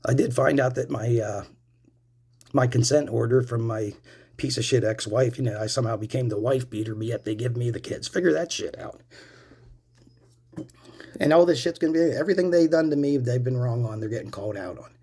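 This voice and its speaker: A vlogger from Pennsylvania, US, in his forties, smokes during an angry personal rant to camera, full of swearing and direct calls to viewers as "people." His medium-pitched voice is brisk, mellow and husky.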